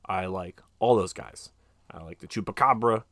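A man's voice: low-pitched, normal speed, fairly bright tone, no room sound. A man hosting a podcast in casual chat, telling stories animatedly and swearing freely. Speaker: podcast host.

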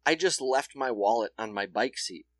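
A man's voice: mid-range voice, lively intonation, moderate pace, dry recording. A man in his thirties tells a swearing, rambling story as a podcast co-host and slips into other people's voices as he goes. His voice sits in the middle range for a man. The sound is dry and close, with no room around it. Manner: swearing storyteller who acts out quoted voices. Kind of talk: casual comedic chat.

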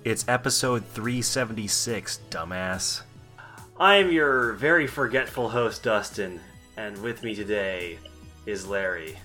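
A man's voice: lowish voice, animated, measured pace, sharp tone, faint music behind. A man hosting a podcast in casual chat, rambling and self-deprecating with restarts. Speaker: podcast host.

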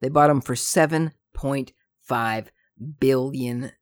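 A man hosts a podcast and tells stories in a loose, animated, jokey way, often drifting into tangents. His voice sits at a middling pitch, and it is recorded close and dry with no room sound. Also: takes it slowly, no echo. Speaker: podcast host. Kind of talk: casual storytelling monologue.

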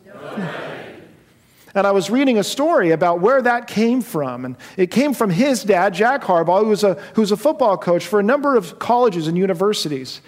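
A man's voice: sits high, lively intonation, fairly quick, few pauses. A man preaching a sermon to a congregation, with an impassioned delivery that rises to emphatic peaks. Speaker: pastor. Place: church sanctuary with congregation. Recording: long church hall reverb.

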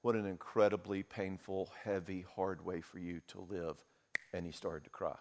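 A man's voice: low-pitched, flat delivery, moderate pace, darkish tone. A man giving a conference talk, telling personal stories candidly and with feeling. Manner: candid, storytelling, emotional. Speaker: conference speaker. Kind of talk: talk with audience Q&A. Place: conference hall. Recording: reverberant hall.

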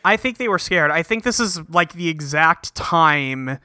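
A man's voice: a little high, expressive, a little slow, sharp tone, clean tone, no echo, clean studio sound. A man hosting a casual podcast, recapping a cartoon episode in a laid-back way with lots of fillers. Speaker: podcast host.

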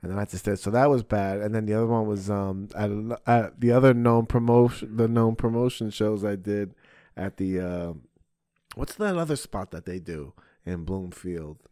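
A young man, a comedian and podcast host, telling a profane, animated story in casual chat. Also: fairly low pitch, normal speed, no room sound, clean studio sound. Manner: profane, animated storytelling with frequent "bro" and "right?".

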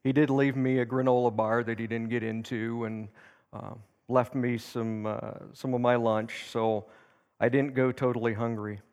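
A man's voice: mid-range voice, moderate pace, in a large hall. A man teaching at a church service, telling a personal story in a folksy way and acting out the quotes. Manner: anecdotal, folksy, with lively acted quotes. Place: church sanctuary.

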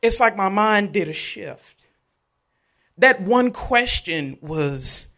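A man, telling a personal story at a live event, animated and joking with the audience. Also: sits high, takes it slowly.

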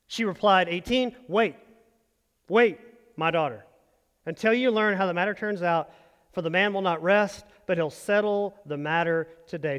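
High-voiced man preaching in a reverberant hall. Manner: animated preaching with call-and-response. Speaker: pastor. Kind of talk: sermon. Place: church sanctuary.

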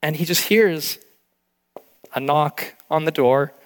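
A man's voice: fairly high pitch, slow, clean tone, big-room sound. A male pastor preaching an earnest, heartfelt sermon, with frequent restarts.

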